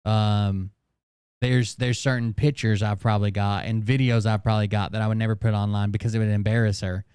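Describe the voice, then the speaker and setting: A man's voice: fairly low pitch, level tone, brisk, a little mellow, clean tone, no echo, studio quality. A man hosting a live stream, reacting to clips in a blunt, profane and sarcastic way. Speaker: channel host reacting to clips.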